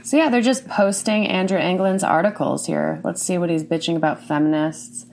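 A woman's voice: lowish voice, fairly even intonation, normal speed, vocal fry, a little mellow, slight background noise. A woman hosting a commentary show, ranting bluntly and indignantly, swearing often.

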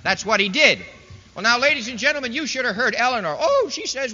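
Lively high-voiced man orating. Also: brisk, a little hiss or hum. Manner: folksy, sarcastic, rhetorical questions. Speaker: speaker addressing an audience. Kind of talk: political speech. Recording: dull lo-fi recording in a reverberant hall.

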